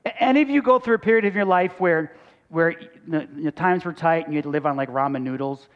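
A man's voice: fairly high pitch, fast. A male pastor preaching a sermon in a conversational way, full of rhetorical questions, on a dull lo-fi recording.

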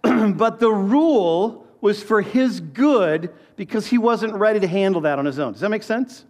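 High-voiced preacher in his fifties. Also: expressive, normal speed, a little mellow. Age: 50s. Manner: conversational preaching with personal stories and questions to the congregation. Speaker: pastor. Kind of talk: sermon.

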